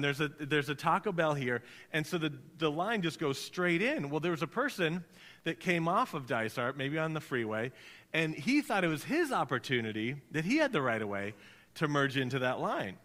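A male pastor preaches in a bright, ringing tone, recorded in a hall where the reverb trails on after each phrase. He tells stories with animation and puts on the voices of the people in them. He sits a little higher than most men. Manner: storytelling, animated, acts out quoted voices. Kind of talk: sermon.

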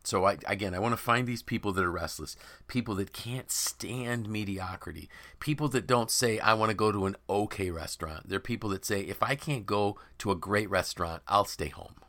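A man hosting a podcast, talking in an emphatic, animated way and voicing imagined people's quotes. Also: on the low side, brisk, hardly any pauses. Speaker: podcast host and author. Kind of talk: conversational podcast discussion.

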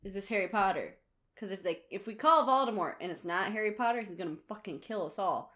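A woman in casual chat, calmly explaining plot details in a matter-of-fact way. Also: medium pitch, quick pace. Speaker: podcast co-host.

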